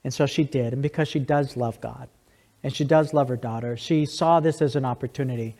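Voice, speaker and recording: A man's voice: mid-range voice, brisk, dark tone. Man telling stories in a reverberant hall. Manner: conversational, with many restarts and asides. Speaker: speaker giving a testimony. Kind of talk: storytelling talk to an audience.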